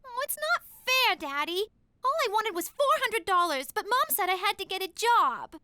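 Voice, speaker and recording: A woman's voice: extremely high pitch, big pitch swings, moderate pace, pushed and bright, dry recording, studio quality, heavily acted. A woman voicing a bratty, dramatic teenage daughter in an adult cartoon. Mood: whining. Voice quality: whiny, bratty.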